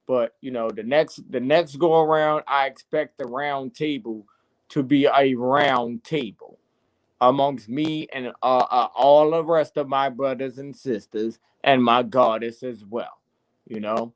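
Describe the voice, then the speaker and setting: A man hosting his own podcast, talking casually and then preaching hard, with swearing and shouts. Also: mid-range voice, steady tone, a little slow, no echo, low-quality recording. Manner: preachy, rising to impassioned shouting and cursing. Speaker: podcast host.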